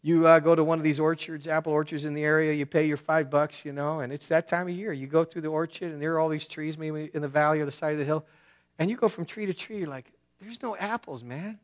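This male pastor's sermon is relaxed and conversational, peppered with slang and offhand asides. He talks at a quick pace in a smooth, slightly high voice with fairly even intonation, and his volume surges in bursts, then falls almost to a hush.

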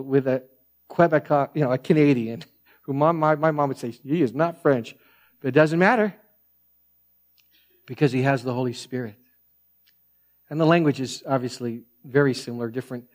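Casual, slangy man preaching a sermon. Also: on the high side. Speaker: pastor.

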